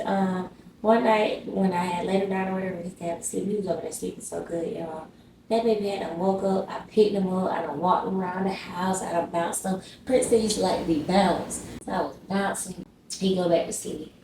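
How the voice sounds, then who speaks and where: Woman vlogger, chatty slangy storyteller, warm low-key tone, roomy echo. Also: steady tone, normal speed, recorded from a distance, slight background noise. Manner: chatty, talks straight to viewers, slangy. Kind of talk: casual storytime.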